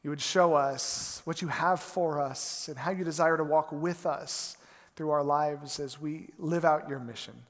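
A man preaching as a pastor, opening with prayer and then telling a story with animated, acted-out quotes in a church. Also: on the high side, unhurried, long reverb tail. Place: church sanctuary.

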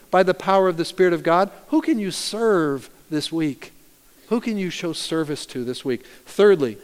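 Pastor, male, sermon delivery, smooth resonant voice, fairly high, swings loud to soft, reverberant church hall. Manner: animated storytelling, rising loud and dropping soft. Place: church sanctuary.

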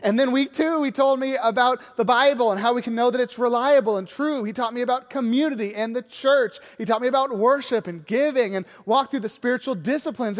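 Forties male pastor, lively self-mocking preacher, long hall reverb. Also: very high voice. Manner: animated, self-deprecating storytelling. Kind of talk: sermon storytelling.

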